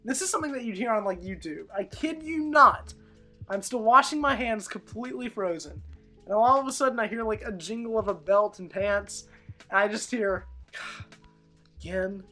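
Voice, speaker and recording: A teenage boy co-hosting a podcast, telling a story in a lively way and acting out shouts and laughter. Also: sits high, fairly quick, faint music behind. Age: teens. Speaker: podcast co-host. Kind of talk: casual chat, storytelling.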